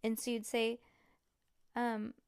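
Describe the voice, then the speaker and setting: A woman's voice: a little high, monotone, slow, vocal fry, clean tone, dry recording, studio quality. A woman reading a chapter book aloud to her child at home, breaking off for playful, chatty asides.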